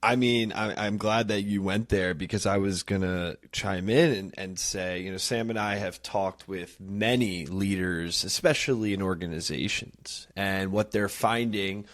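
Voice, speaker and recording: Man, podcast host, lowish voice, thoughtful, conversational. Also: steady tone, measured pace, few pauses, fairly bright tone. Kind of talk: casual interview chat.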